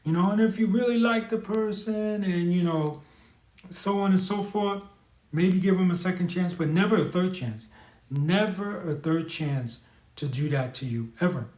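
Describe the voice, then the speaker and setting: A man from New hosts a live stream, talking candidly and earnestly with many fillers and restarts. His voice sits a little high for a man. The room gives the sound a clear echo. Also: normal speed, darkish tone. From New York. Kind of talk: casual live-stream advice talk.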